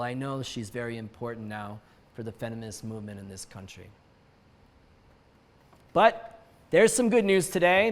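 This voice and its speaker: A man hosting a satirical news show, reading stories and dropping wry jokes and chuckling asides. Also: high-pitched. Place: lives in Mexico City.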